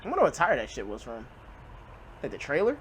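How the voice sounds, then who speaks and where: A man hosting a reaction video, talking casually and yelling excitedly at what he watches. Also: medium pitch, brisk, a crowd in the background. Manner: excitable, yells at the clips, heavy swearing. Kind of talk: casual profane reaction commentary.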